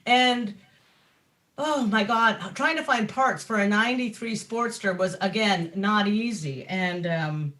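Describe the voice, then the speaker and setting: A woman guest on a talk show chatting casually about her bikes, animated and swearing freely, laughing often. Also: medium pitch, unhurried. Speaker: guest, map company founder. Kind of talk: casual chat.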